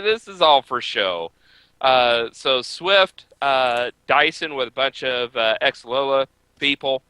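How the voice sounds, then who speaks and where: A man co-hosting a motorsport podcast, talking casually with many filler pauses. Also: mid-range voice, pushed and bright, smooth, no room sound, low-quality recording. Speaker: podcast co-host. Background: baby crying.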